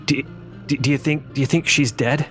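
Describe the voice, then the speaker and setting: A man's voice: medium pitch, fairly even intonation, moderate pace, a bit bright, faint music behind, voice pushed up, natural voice. A man voicing an anxious young man who stammers and repeats himself, a loyal brother in a fantasy game.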